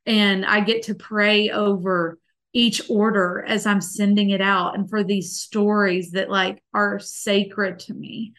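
A woman's voice: mid-range voice, flat delivery, slow, a bit bright. Earnest woman telling a faith story. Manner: earnest and emotional, many likes and restarts. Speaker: podcast guest. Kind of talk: personal faith story in an interview.

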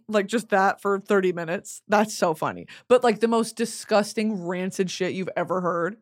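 A young woman hosting a podcast, mid-pitched and conversational. She drifts off on tangents, swears casually and keeps the talk loose and chatty. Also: moderate pace. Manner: rambling, tangent-prone, swears freely. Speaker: podcast host.

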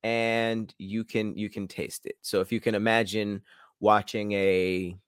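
A man's voice: lowish voice, level tone, unhurried, clear, resonant tone, no echo, clean studio sound. A man co-hosting a podcast in casual chat, telling stories in a playful, joking way. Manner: playful, jokey storytelling. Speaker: podcast co-host.

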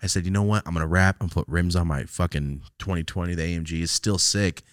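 A man hosting a casual podcast, telling stories in an animated way, swearing freely and laughing often. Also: deep voice, fast talker, clean tone, dry recording, clean studio sound. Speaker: podcast host.

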